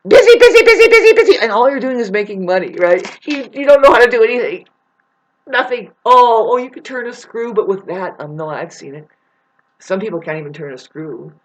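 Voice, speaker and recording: A man's voice: sits high, brisk, a bit bright, a little hiss or hum, rough recording. Guy ranting to his channel, swears a ton, rambles all over. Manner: rambling, swears a lot, jumps between topics, restarts. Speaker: vlogger. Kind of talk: rambling profane vlog rant.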